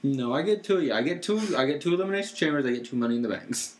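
A man's voice: mid-range voice, animated, very fast, background noise. Earnest man, plain mid voice. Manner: earnest, repeats words as he builds a point. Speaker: co-host. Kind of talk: casual chat.

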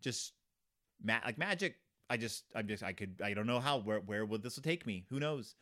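Here a man with a lowish, forceful, bright voice hosts a podcast, his intonation lively and his pace moderate. His comedic commentary mocks a children's book in a meandering style, thick with fillers and false starts.

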